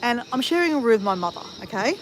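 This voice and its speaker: A woman's voice: a little high, sing-song, quick pace, slight background noise. A woman of fifty chatting casually on a travel livestream and answering viewers in a rambling, talkative way with frequent swearing. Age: 50s. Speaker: travel vlogger.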